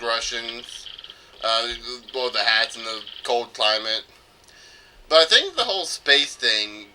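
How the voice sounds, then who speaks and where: A man's voice: medium pitch, sharp tone, poor audio. A man from North Carolina hosting a let's play, rambling and thinking aloud as he comments on the game. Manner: rambling, thinking aloud with filler and self-corrections. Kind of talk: casual gameplay commentary.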